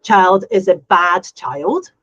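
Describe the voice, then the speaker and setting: A middle-aged woman co-hosting a casual chat, animated, often acting out quotes in a higher voice. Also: slow pace, dull audio. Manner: animated, acts out quotes in a high voice. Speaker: podcast co-host.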